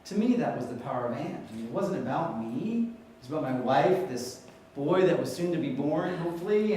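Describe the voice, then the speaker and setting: A man's voice: a little high, very echoey, recorded from a distance, slight background noise, rough recording. A middle-aged man giving a storytelling talk on patient experience to an audience, acting out the voices of people in his stories. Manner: animated storyteller, acts out quoted voices. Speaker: keynote speaker on patient experience. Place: conference hall before an audience.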